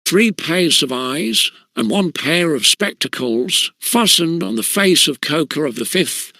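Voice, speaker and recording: A man narrating an audiobook in a measured storytelling manner. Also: on the high side, animated, gravelly, sharp tone, no room sound. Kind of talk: scripted narration.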